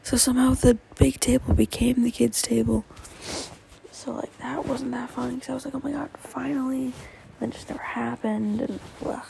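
A woman's voice: on the high side, flat delivery, normal speed, gravelly, warm tone, slight background noise, low-quality recording. A teenage girl hosting a solo podcast, rambling with lots of fillers and often dropping to a whisper, a little tearful. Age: teens. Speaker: podcast host.

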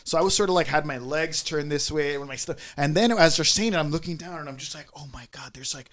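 A man's voice: on the high side, fast talker, fairly bright tone. A man co-hosting a podcast, telling a candid, rambling confessional story in casual chat. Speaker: podcast co-host.

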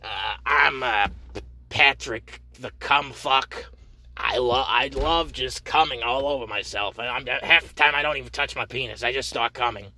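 A man's voice: medium pitch, normal speed, sharp tone. A man putting on a crude, shameless guy who boasts in a casual, offhand way. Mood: cocky.

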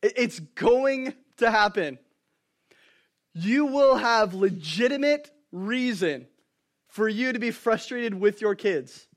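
High voiced guy preaching, gets loud then goes quiet, storytelling about his kids. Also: slow pace. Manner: animated storytelling, swings from hushed to loud. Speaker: pastor. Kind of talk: sermon.

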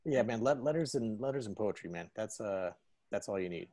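A man's voice: lowish voice, expressive, a little fast, dark tone, no echo. A man co-hosting a podcast in casual chat, rambling with many "like"s and frequent laughter. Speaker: podcast co-host.

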